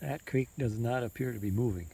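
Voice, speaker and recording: A man's voice: mid-range voice, fairly quick, gravelly, mellow, slightly rough. A man with a Minnesotan accent, casually narrating outdoors as he tours park trails on a recumbent trike, chatty and pointing things out along the way. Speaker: trike touring vlogger.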